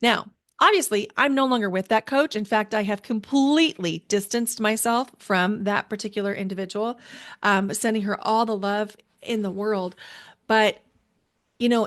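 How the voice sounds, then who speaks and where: A woman hosting a solo podcast, speaking earnestly and deliberately with pauses, in a spiritual, emotional tone. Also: mid-range voice. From United States. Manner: spiritual, guiding a grounding exercise. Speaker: podcast host.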